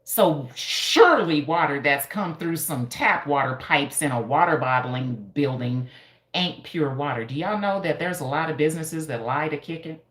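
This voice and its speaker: A hairstylist from Denver chatting playfully on a live stream, laughing often and answering viewers' comments. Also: female voice, low-pitched, lively intonation, moderate pace, fairly bright tone. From Denver, Colorado. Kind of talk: casual live-stream chat. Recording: echoey room.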